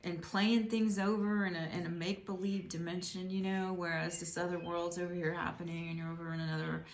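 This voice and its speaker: A woman's voice: on the low side, flat delivery, fairly quick, a little hiss or hum. A middle-aged woman giving a casual tarot reading, musing and rambling as she speaks to the viewer. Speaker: tarot reader. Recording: roomy echo.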